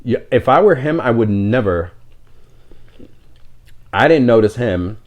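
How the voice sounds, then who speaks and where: A man's voice: mid-range voice, expressive, a little slow, muffled recording. A middle-aged man, telling a personal story in a candid, rambling, conversational way. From New York City. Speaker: podcast host.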